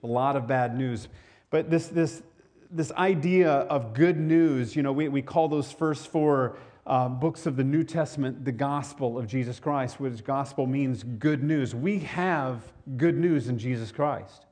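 A man's voice: medium pitch, a little slow, a little mellow. Man preaching a conversational sermon. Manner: conversational, repeats words, asks the congregation questions. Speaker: pastor.

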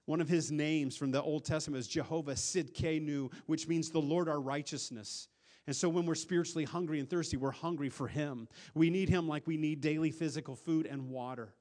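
A pastor preaching a sermon, earnest, with a voice that swells louder and then drops to a hush, often repeating words as he restarts. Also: a little high, fairly even intonation, brisk. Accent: Upper Midwest American.

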